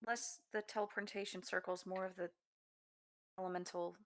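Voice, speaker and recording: A woman's voice: fairly low pitch, level tone, moderate pace. A woman playing a tabletop game, asking questions in a hesitant way. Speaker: player. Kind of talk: casual tabletop role-play.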